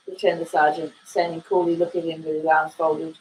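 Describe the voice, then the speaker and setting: A woman with an Australian accent, reading a classic novel aloud at an unhurried, expressive pace. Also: low-pitched, low-quality recording. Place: home in Ireland.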